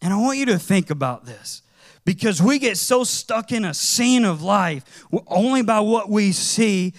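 A man preaching a sermon in a conversational, animated way, with casual slang as he tells stories. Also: high voice, a little slow.

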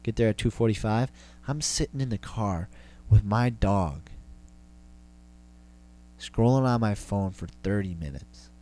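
A young adult man hosting a podcast launches into a profane, exasperated comedic rant that repeats itself a lot. His voice is fairly low and warm, with a measured pace and frequent pauses.

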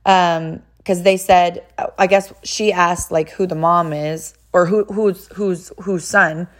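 Taking her time, a woman from California who is a mother speaks in a fairly low voice. Her casual monologue of personal stories is chatty and animated, full of "like" fillers and imitated voices of the people involved.

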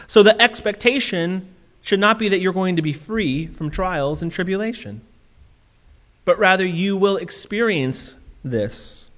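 Man, preacher, sermon, animated, acts out quotes, high-pitched, long reverb. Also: a little slow. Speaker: pastor.

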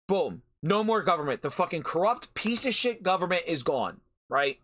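A man's voice: high voice, big pitch swings, moderate pace, a bit bright. A man hosting a podcast, ranting about anime in a heated, profane way and repeating phrases for emphasis. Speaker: podcast host. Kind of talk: anime review rant. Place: home recording during a storm.

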